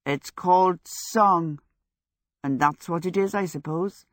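A woman's voice: on the low side, slow, dry recording, clean studio sound. A woman voicing a vain, theatrical young male wizard in an audiobook, speaking with dramatic exasperation. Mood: exasperated.

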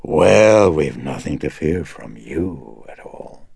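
Man voicing a sardonic demon inside a girl: deep, thick, croaking, mocking, husky and dry. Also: sing-song, takes it slowly, darkish tone, no room sound, heavily acted. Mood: gloating menace. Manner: sardonic, mocking, partly whispered. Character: demon possessing a young girl, gloating, sly, menacing.

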